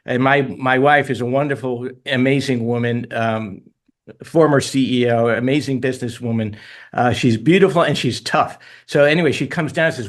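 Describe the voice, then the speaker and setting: A middle-aged man speaks as an author guest on a radio interview. He tells stories animatedly, moving between earnest points and self-deprecating laughs, in a middle-pitched voice. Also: normal speed, fairly bright tone.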